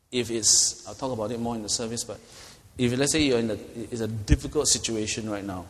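Middle-aged pastor in reverberant hall. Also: male voice, medium pitch, fairly quick. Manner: conversational, frequent "okay?" check-ins. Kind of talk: bible study teaching.

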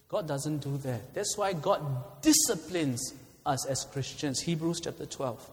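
A man preaches a fiery sermon. He swings from loud declarations to hushed, intense asides. His voice rings out with a long reverb in a church hall. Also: fairly high pitch, expressive, measured pace.

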